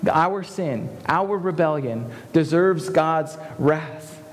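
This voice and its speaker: A man's voice: fairly high pitch, slow. A young adult man preaching a sermon earnestly, building to emphatic passages. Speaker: pastor. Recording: long reverb of a hall.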